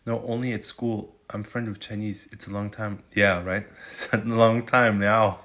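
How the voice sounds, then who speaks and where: A man from Germany hosting a casual livestream, chatting with viewers and haltingly trying out Chinese phrases. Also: fairly low pitch, fairly even intonation, fairly bright tone. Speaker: livestream host. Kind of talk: casual live chat answering viewers.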